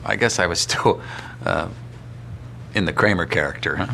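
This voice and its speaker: A man's voice: low voice, moderate pace, gravelly, pauses often, pushed and bright, a little hiss or hum. A man recalling a story in an interview, playful and given to laughing. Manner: playful, bursts into character voices. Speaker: cast member recalling a story.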